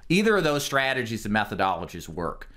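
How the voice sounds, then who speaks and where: A man's voice: lowish voice, big pitch swings, fast, a bit bright. A man coaching a group of insurance agents in an instructional talk, speaking in a direct, emphatic way with plenty of fillers. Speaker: insurance sales trainer.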